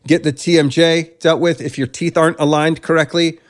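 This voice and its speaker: Animated man with a high-ish voice. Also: fairly quick. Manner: animated, self-deprecating, lots of restarts. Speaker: breathwork coach. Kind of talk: casual conversational interview.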